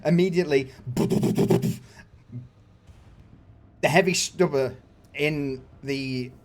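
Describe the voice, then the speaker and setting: Guy running a tabletop game, takes it slow, bit high voice, faint music under. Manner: slow, unhurried narration with frequent laughs. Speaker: game master.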